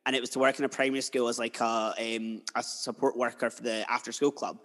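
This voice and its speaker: A man's voice: medium pitch, little pitch movement, fast talker, fairly bright tone. A man hosting a podcast interview, chatty and emotional, drifting into personal stories. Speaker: podcast host. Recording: long hall reverb.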